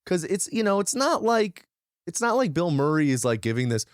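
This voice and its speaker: A man's voice: sits high, very animated, normal speed, no echo, studio quality. A man co-hosting a film podcast, chatting loosely with lots of restarts and hedges. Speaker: podcast co-host. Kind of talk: casual film discussion.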